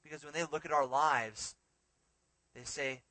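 A man preaching a sermon in a dramatic way, swinging between emphatic, loud lines and hushed ones. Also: a little high, fairly even intonation, a little slow, no room sound.

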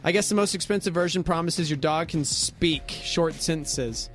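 A man's voice: fairly high pitch, normal speed, a bit bright, faint music behind. A man co-hosting a radio morning show, giggly and laughing often. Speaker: radio co-host.

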